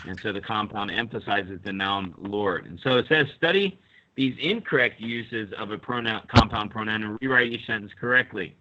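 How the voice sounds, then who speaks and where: A male teacher leads a live online class, patiently walking through each step and calling on students. His voice is bright and forceful, sitting on the low side at a moderate pace. The sound is slightly dull and lo-fi.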